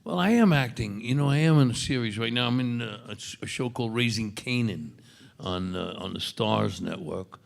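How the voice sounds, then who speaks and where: Man, 70s, Brooklyn accent, gravelly, halting storyteller, convention Q&A. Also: medium pitch. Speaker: guest actor on a fan panel. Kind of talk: convention Q&A, rambling anecdotes. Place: convention panel stage.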